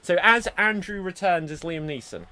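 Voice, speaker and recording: A man's voice: high voice, expressive, moderate pace, sharp tone, a little hiss or hum. A man hosting a live improv comedy show over a video call, upbeat and giggly. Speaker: host.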